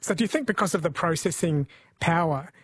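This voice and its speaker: A man hosts a radio interview with a casual, playful touch. His voice sits high and sounds husky. He asks curious, teasing questions. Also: a little fast, a bit bright, no room sound. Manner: playful, inquisitive. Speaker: radio host.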